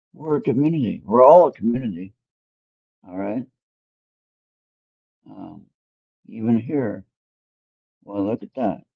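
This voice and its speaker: A man's voice: on the low side, gravelly, breathy edge, no echo, phone-quality sound. A man hosting a casual tarot reading show, rambling and talking to himself as he fumbles with his phone. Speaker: tarot reader hosting an internet radio show. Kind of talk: casual live spiritual reading and chat.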